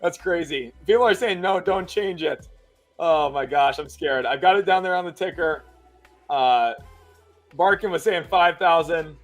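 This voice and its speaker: A young man hosting a casual sports livestream, laughing nervously as he reads donations out loud. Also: a little high, a little slow, soft background music. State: nervous, excited. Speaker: livestream host.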